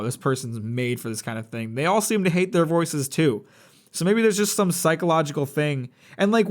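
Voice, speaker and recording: A young man chatting casually on a live stream, rambling, blunt and profane with a sardonic edge. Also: on the high side. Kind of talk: casual live-stream chat while building a model kit.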